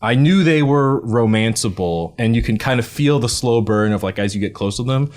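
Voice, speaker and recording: A man's voice: medium pitch, lively intonation, moderate pace, darkish tone. A man guesting on a studio podcast, rambling and hesitant as he searches for words in casual chat. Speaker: guest video editor.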